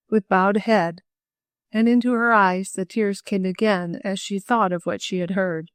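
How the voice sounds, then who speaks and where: A woman reading a classic children's novel aloud as an audiobook narrator, clear and measured. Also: mid-range voice, no room sound, studio quality.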